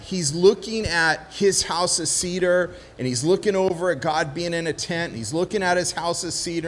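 A man preaching a sermon as pastor, lively and conversational, acting out little voices of the people in his story. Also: on the high side. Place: church hall. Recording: long hall reverb, faint background noise.

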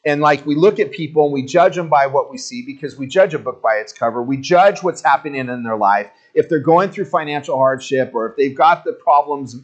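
A man preaching a sermon in a conversational, animated storytelling way with joking asides. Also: mid-range voice, fairly quick, few pauses, highs cut off. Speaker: pastor.

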